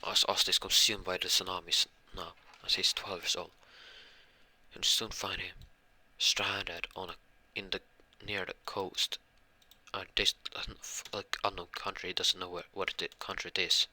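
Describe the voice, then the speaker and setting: A man's voice: low voice, little pitch movement, normal speed, sharp tone. A man improvising a fan-made story, rambling with frequent restarts and fillers. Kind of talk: improvised fan-fiction retelling.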